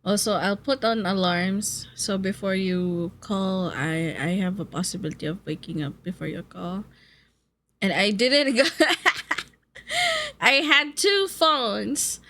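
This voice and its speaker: A woman's voice: mid-range voice, fairly bright tone. A woman streamer chatting casually, laughing often mid-sentence and swearing loosely.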